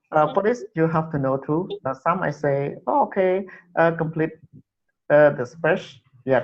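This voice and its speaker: Slow-talking man teaching English. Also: mid-range voice. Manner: halting, repeats words to drill pronunciation. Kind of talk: classroom English lesson. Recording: dull lo-fi recording.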